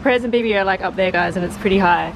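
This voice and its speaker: Aussie mum filming a family vlog, talks real fast, chatty, keeps saying guys to the camera, hotel room. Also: female voice, medium pitch, vocal fry, background noise. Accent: Australian. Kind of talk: casual vlog chat to camera.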